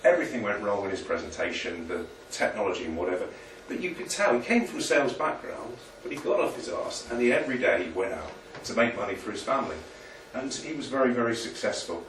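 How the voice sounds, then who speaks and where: A man's voice: on the low side, animated, fast talker, hardly any pauses, fairly bright tone, slight background noise. A man giving an informal, motivational business presentation to a room of people, chatty and self-deprecating. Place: meeting room with an audience. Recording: echoey room, picked up from a distance.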